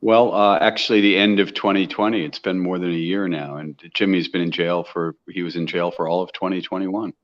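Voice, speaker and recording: An American man speaks as an interview guest in a conversational interview, his voice low and steady, his delivery a little fast with hardly any pauses. He talks earnestly and with passion, often restarting sentences as he builds his point. The recording is lo-fi.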